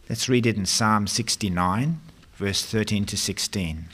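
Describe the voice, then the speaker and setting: A man preaching a sermon, asking rhetorical questions and reading scripture in a slow, dramatic way. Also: on the low side, fairly bright tone, husky. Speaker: pastor.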